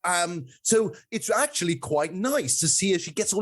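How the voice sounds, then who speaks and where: A man co-hosting a film podcast in a loose, chatty way, his voice a little high for a man and bouncing around a lot in pitch. He acts out lines from the film as he goes, with lots of ums and restarts. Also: normal speed, hardly any pauses. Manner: animated, acts out quotes, many fillers. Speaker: podcast co-host. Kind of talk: casual film review chat.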